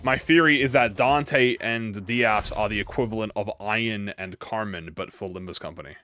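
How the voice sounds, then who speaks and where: Over faint game music in a dry recording, a man chats to viewers during his gaming live stream. His fairly low voice is bright and forceful at a moderate pace. He rambles, corrects himself and lets sentences fade into mumbling.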